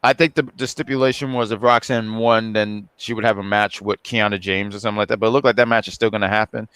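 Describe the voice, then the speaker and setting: A man's voice: lowish voice, fairly even intonation, fast talker, a bit bright, clean tone, dry recording. A man co-hosting a casual online chat, rambling with many fillers and restarts. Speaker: co-host.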